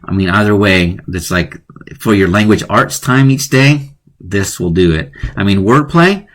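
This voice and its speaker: A man's voice: lowish voice, animated, measured pace, fairly bright tone. A man hosting a live online lesson, playful and chatty, often chuckling at his own jokes. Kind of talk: casual live-streamed lesson.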